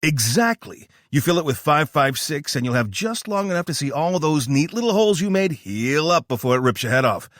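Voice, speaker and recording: A man doing a fast-talking New York gun scientist. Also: fairly high pitch, big pitch swings, fairly bright tone, no echo, clean studio sound, pitched above the performer's own voice. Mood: excited, brash. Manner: fast-talking, theatrical, switches to a fake posh British put-on. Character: eccentric flamboyant middle-aged male weapons scientist. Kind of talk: audiobook character voice.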